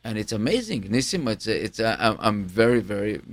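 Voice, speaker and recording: Man, lively pitch, halting repeats, casual talk. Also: dry recording. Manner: halting, repeats words, grows animated telling stories. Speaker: host. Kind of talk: casual chat.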